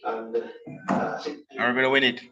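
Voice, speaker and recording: A man with a Jamaican accent hosting an excited watch-along stream, cheering his team, shouting and laughing. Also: mid-range voice, takes it slowly, highs cut off, loud music behind the voice. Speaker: livestream host.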